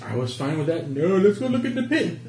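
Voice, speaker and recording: A man at a game table, on the high side and swinging widely as he jokes and trips over his words. He sounds far from the mic in a roomy space with faint noise behind. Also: a little fast, crowd noise. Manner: excitable, laughing and stumbling over his words. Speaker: player. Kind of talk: joking banter at a game table.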